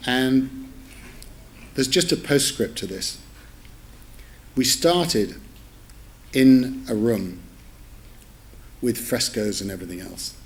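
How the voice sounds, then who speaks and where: A man's voice: mid-range voice, animated, takes it slowly, long pauses. A middle-aged man telling an amused, rambling anecdote at a public lecture, correcting himself and adding asides. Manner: chatty, self-interrupting, amused asides. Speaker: newspaper editor giving a public lecture. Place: lecture theatre with audience.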